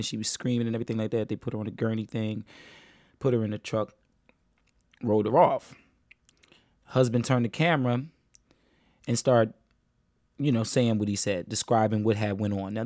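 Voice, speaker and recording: Male host for casual commentary, mid-pitched, addresses viewers directly, repeats himself. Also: a little mellow, no room sound, studio quality. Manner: talks straight to viewers, repeats words, restarts.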